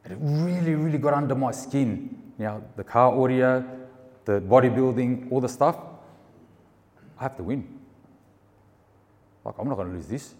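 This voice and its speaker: Guy telling his faith story, lively, acts out what people said, mid pitch, hall echo behind him. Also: moderate pace, pauses often. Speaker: storyteller sharing a faith testimony. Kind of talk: casual spoken testimony.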